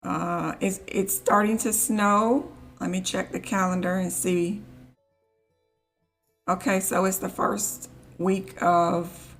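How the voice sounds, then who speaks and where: Slow, gravelly-voiced woman streamer. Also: medium pitch, steady tone, faint music behind. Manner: chatty, rambling, easily annoyed. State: morning voice, just woke up. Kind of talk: casual live-stream gameplay chat.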